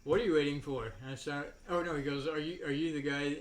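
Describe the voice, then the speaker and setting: A man's voice: a little high, fairly even intonation, fast talker. A man hosting a casual chat with friends at home, rambling through funny stories and acting out the voices of people in them. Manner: rambling, laughing, acts out quoted voices. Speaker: podcast host. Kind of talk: casual storytelling among friends. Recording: noisy home recording.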